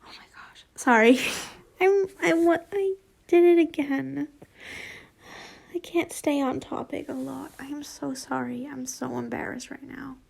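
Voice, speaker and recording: A woman's voice: high voice, steady tone, a little slow, gravelly, darkish tone. A young woman reading fanfiction aloud in a casual, rambling way, often breaking off to laugh and apologize. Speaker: fanfiction reader. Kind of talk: casual reading with chatty asides.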